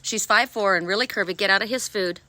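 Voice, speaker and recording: A woman's voice: mid-range voice, pushed and bright, no echo. A woman oracle card reader chatting casually to camera while sitting outdoors on the grass, talkative and effervescent. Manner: talkative, bubbly, quick and effervescent.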